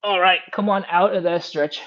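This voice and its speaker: A man's voice: high voice, fairly even intonation, moderate pace, fairly bright tone, lo-fi sound. A man hosting a live follow-along stretching class, counting down holds and chatting with viewers as he reads their comments. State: a bit out of breath. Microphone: phone on a stand.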